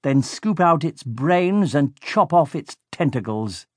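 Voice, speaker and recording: A man voicing a cruel, bossy villainous baron who gloats slowly and bellows insults at his henchmen. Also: fairly high pitch, expressive, no echo, clean studio sound, voice pushed up. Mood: gloating. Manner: slow, gloating, shouts insults.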